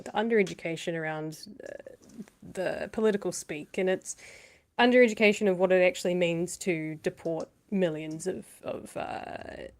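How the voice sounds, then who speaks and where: A woman co-hosting a podcast, giving earnest, thoughtful political commentary with frequent restarts. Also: fairly low pitch. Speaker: podcast co-host.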